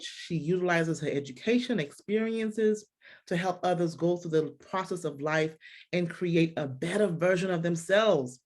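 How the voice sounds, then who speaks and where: A woman hosting a faith-based podcast interview, effusive and full of restarts. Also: low-pitched. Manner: warm, effusive, with frequent restarts. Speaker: podcast host.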